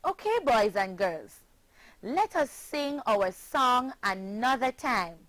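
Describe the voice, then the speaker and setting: A woman from Jamaica teaching a pronunciation lesson, speaking clearly and deliberately and spelling words letter by letter. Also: a little high, big pitch swings, fairly bright tone, no echo. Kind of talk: slow classroom pronunciation lesson.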